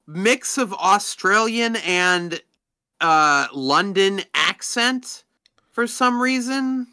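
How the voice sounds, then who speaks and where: A man co-hosting a casual gaming podcast, rambling and animated, with sentences full of "like.". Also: high-pitched, very slow. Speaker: podcast co-host. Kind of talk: casual chat.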